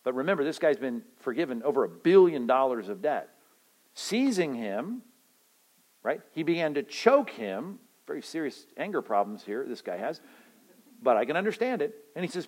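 A man's voice: a little high, big pitch swings, moderate pace, low-quality recording. A pastor giving a conversational, joking sermon at a retreat, acting out everyday scenes to make his point.

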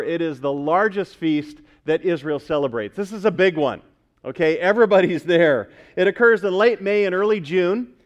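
Guy pastor w a high voice preaching, talky, keeps asking the congregation stuff, muffled lo-fi sound. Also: smooth. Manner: conversational, quizzes the congregation. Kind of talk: sermon.

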